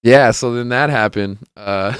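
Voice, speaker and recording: Young male podcast host, casual storyteller who curses and laughs; smooth, resonant voice, mid pitch. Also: slow pace, dry recording, clean studio sound. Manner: rambling, laughs often, swears freely, acts out quotes.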